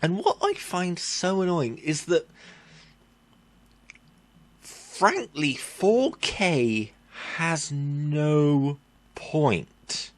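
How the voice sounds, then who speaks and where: Slow-talking ranting man. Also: on the high side, big pitch swings. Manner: blunt, exasperated, swears casually; halting with fillers and self-corrections. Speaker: vlogger. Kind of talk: ranting tech opinion vlog.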